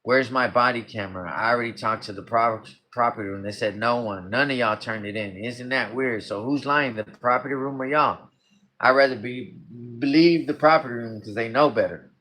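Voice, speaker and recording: A man on a livestream, his voice bright and forceful. He reads a report aloud and keeps cutting in with blunt, profane, combative remarks. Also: mid-range voice, moderate pace. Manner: profane, combative, talks over the text he reads. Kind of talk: reading a report aloud with commentary.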